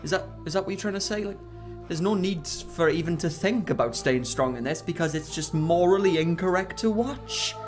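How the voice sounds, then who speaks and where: Male YouTube commentator, slightly high voice, dry sarcasm. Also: animated, normal speed, over music.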